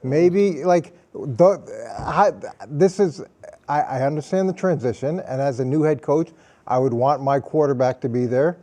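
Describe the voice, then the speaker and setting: A man with a mellow, fairly high voice talks through his points on a sports podcast. He muses as he goes, weighing each idea out loud. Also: unhurried. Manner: musing, thinking aloud.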